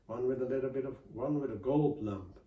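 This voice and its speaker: A man telling a folk tale in a soft-spoken, unhurried way, dropping his voice for the characters' lines. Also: medium pitch, narrow, tinny audio, slight background noise. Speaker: storyteller. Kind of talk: oral folk tale storytelling. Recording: roomy, distant mic with faint ambience.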